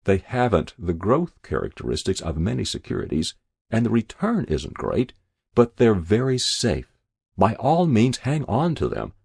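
A man's voice: lowish voice, huge pitch swings, a little slow, gravelly, a little mellow, husky, dry recording. A man reading a first-person story aloud in a wry, dry storytelling manner. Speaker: narrator. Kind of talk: audiobook narration.

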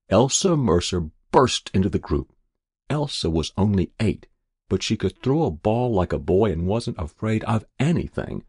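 A man narrating a story in an expressive, measured storytelling manner. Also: low-pitched, husky, no room sound, studio quality. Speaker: audiobook narrator.

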